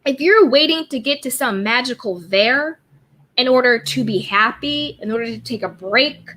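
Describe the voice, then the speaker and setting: A woman's voice: a little high, lively intonation, moderate pace, fairly bright tone. A woman hosting a casual self-care livestream, greeting viewers from the chat and repeating upbeat affirmations. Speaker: livestream host reading chat.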